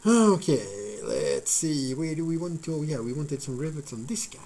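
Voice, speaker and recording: A man's voice: a little high, sing-song, moderate pace, dark tone, poor audio. A man live-streaming while he builds a model, thinking aloud in a rambling, filler-heavy way and chatting with his viewers. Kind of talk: casual live-stream chat while crafting.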